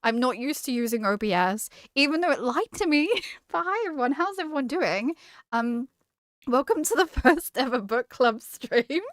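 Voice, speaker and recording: A woman's voice: high-pitched, expressive, normal speed, no echo, studio quality. A young woman hosting a casual live stream, chatty and giggly as she greets her chat. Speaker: streamer hosting a book club.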